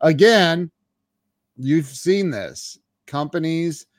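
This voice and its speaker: A man's voice: a little high, drawn-out words, dry recording, clean studio sound. A man hosting an interview podcast, chatting casually and acting out voices when he tells a story. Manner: animated storyteller, acts out voices in anecdotes. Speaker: podcast host.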